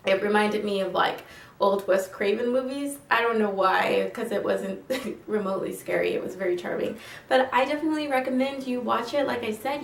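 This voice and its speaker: A woman's voice: medium pitch, normal speed, gravelly. A young woman talks through a film review, gushing and full of fillers. Her voice sits a little away from the mic, and the room around her rings with echo. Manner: gushing, chatty, many fillers. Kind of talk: casual film review vlog. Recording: roomy, mic at a distance.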